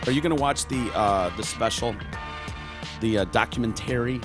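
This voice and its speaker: A male podcast co-host chatting casually and reading an article aloud, halting and tripping over names with lots of ums. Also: mid-range voice, over loud music.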